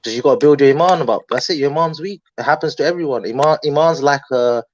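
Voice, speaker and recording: A man's voice: on the high side, quick pace, a little hiss or hum. A man hosting a live debate, pressing his questions insistently in slangy talk. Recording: dull lo-fi stream audio.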